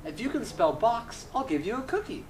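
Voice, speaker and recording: A man's voice: very high voice, very animated, normal speed, darkish tone, voice pushed up. A man voicing a cheery female kindergarten teacher, with sing-song, overly sweet questions, recorded from a distance. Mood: chirpy. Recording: echoey, distant camera mic, noisy background.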